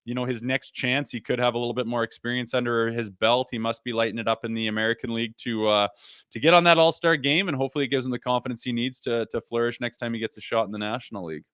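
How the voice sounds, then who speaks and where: A man's voice: mid-range voice, fairly even intonation, fast, fairly bright tone, clean tone, dry recording, clean studio sound. A man co-hosting a casual sports talk show, blunt and opinionated, swearing freely as he rants. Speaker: podcast co-host.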